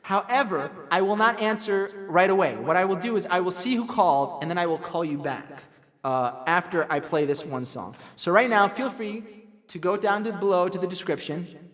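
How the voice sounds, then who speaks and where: A man's voice: high-pitched, moderate pace, fairly bright tone, big-room sound. A man hosting a casual livestream. He rambles, reads out the chat and pokes fun at himself. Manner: rambling, self-deprecating, reads chat aloud. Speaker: livestream host.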